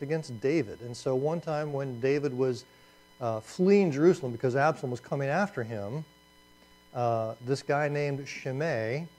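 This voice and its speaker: A man's voice: mid-range voice, dark tone, low-quality recording. A man teaching a Bible class in a conversational way, asking rhetorical questions and adding asides.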